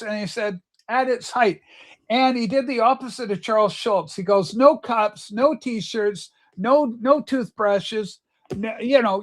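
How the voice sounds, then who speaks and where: A man hosting a casual livestream chat, telling stories with eager enthusiasm. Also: high voice. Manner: chatty, enthusiastic storyteller. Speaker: livestream host.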